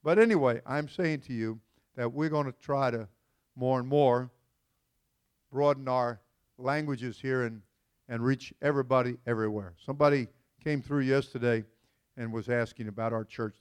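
A man's voice: medium pitch, smooth. A man preaching as senior pastor in a church, in a conversational style full of folksy, joking asides to the congregation. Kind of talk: conversational sermon. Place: church sanctuary.

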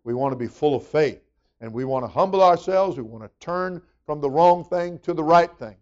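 A man's voice: on the high side, lively intonation, moderate pace, a little mellow, highs cut off. A man preaching a sermon as pastor, folksy and conversational with emphatic rising bursts.

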